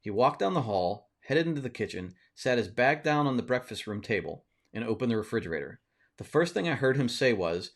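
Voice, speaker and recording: A man hosting a live session, reading a book passage aloud in a steady storytelling way, now and then breaking off for offhand asides. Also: mid-range voice, normal speed.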